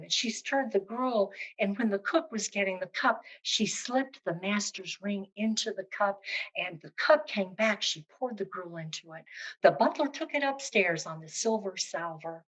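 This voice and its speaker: A woman telling a folk tale aloud with expressive, rhythmic repetition. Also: medium pitch, rough recording. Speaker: storyteller. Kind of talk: oral storytelling of a folk tale.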